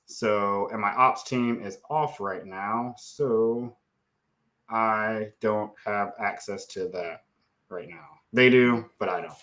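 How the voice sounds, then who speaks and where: A man with a sharp, mid-range voice hosts a real estate live stream, talking bluntly and without a filter as he clicks through his screens. He often tacks "okay," "guys," or "right" onto his lines.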